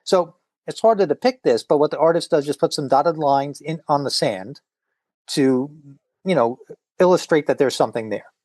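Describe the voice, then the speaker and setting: A middle-aged man in casual podcast chat, animated and reading comics aloud with voices. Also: on the high side, normal speed, no echo. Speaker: podcast guest.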